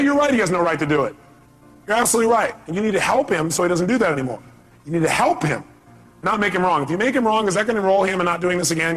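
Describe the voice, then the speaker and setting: High-voiced emphatic male seminar speaker. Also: a bit bright, slightly rough. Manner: emphatic, repeats key phrases, quizzes the audience. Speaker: motivational speaker. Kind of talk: live seminar talk. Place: seminar hall.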